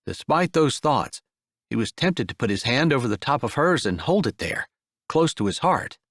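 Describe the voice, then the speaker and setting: Here an audiobook narrator with a medium-pitched voice reads scripted sweet romance at a moderate pace. His delivery is gentle and expressive, captured in a dry, studio-quality recording.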